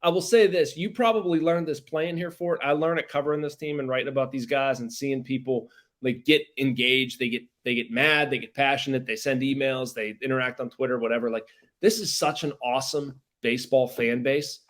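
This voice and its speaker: A man from Pittsburgh co-hosting a casual podcast as a baseball journalist, talking in an animated, rambling way with frequent restarts. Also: medium pitch, brisk.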